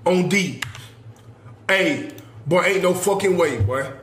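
A man puts on a brash heckler who taunts a gorilla over and over. The voice comes a little slow and hollow, with roomy echo and faint clicks behind it. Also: high voice, lively intonation, slight background noise, full character voice. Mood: taunting. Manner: loud, taunting, repeating the same jeer. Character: loud mocking man yelling at a gorilla.

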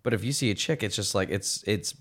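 A man's voice: fairly low pitch, brisk, a bit bright, husky. A man co-hosting a podcast, talking in rambling, slangy casual chat. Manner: slangy, rambling, full of "like" fillers. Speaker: podcast co-host. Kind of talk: casual crude banter.

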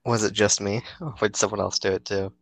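A man's voice: on the low side, fairly even intonation, fairly quick, creaky, dry recording. A young man co-hosting a podcast, chatting casually with blunt, teasing, crude humor. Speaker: podcast co-host. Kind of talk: casual chat.

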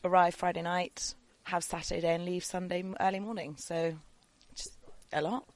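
Low gravelly Englishwoman. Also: flat delivery, moderate pace, darkish tone. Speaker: podcast guest. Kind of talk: casual chat.

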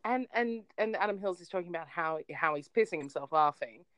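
A woman with an Australian accent, co-hosting a casual podcast chat and telling lively stories with frequent laughs. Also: on the low side, brisk, clean tone, no room sound. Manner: animated storyteller, laughs often. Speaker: podcast co-host.

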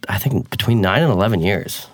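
A young man on a casual podcast, an animated storyteller who acts out voices and swears casually. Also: on the low side, a little fast, no room sound.

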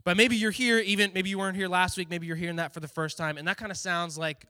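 A man giving a casual storytelling sermon as a youth pastor, animated and acting out the people he quotes. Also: sits high, quick pace, hardly any pauses, clean tone, dry recording, clean studio sound.

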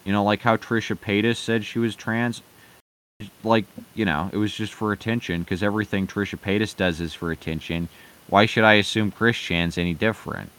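Ranting man with a lowish voice. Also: steady tone, brisk, a bit bright. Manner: profane, heated, many fillers and restarts. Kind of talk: ranting commentary.

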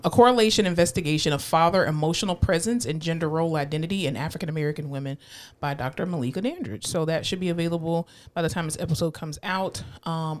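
Chatty woman podcast co-host, slightly low. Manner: chatty, swears freely, laughs often. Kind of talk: casual chat.

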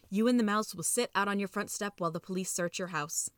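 A woman reading a storybook aloud as host, playful and expressive. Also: mid-range voice, quick pace, few pauses, no room sound, clean studio sound. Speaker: reader and narrator. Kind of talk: scripted storybook narration.

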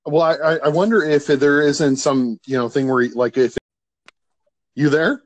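A man hosting a casual chat, relaxed and amused, using "like" often as he talks. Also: fairly high pitch, measured pace, dry recording. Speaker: host.

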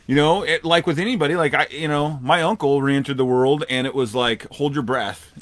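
A man's voice: fairly high pitch, no room sound. A man co-hosting a casual podcast chat, talking in an emphatic, rambling way. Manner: rambling, emphatic, fast talker. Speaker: podcast co-host.

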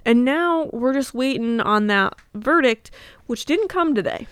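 A woman with a fairly high, smooth voice co-hosts a relaxed chat. She tells stories animatedly and laughs often. The sound is dry and close. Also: unhurried, no room sound. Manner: animated, giggly storyteller. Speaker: co-host. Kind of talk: casual chat.

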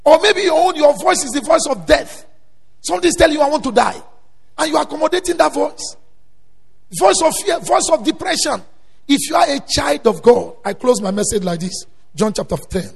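A male preacher delivering a sermon, swinging between quiet storytelling and loud emphatic exhortation. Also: very high-pitched, brisk, gravelly. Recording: long hall reverb.

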